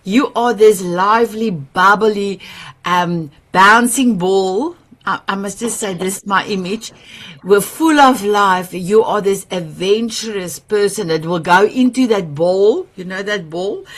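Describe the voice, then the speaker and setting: A woman's voice: mid-range voice, unhurried. South African woman, gushing and emotional. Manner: emotional, laughs often, gushing and affectionate. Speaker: summit host. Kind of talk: heartfelt personal sharing on a live video call.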